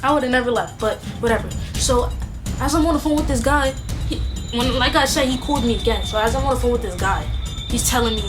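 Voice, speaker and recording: A woman's voice: on the high side, quick pace, music in the background. Slangy young woman telling a storytime. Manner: slangy, animated, acts out both sides of conversations. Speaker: vlogger. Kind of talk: casual storytime.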